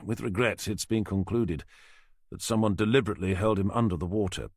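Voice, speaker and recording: A man voicing a calm police inspector who questions in a measured, dry, firm way. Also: on the low side, no room sound.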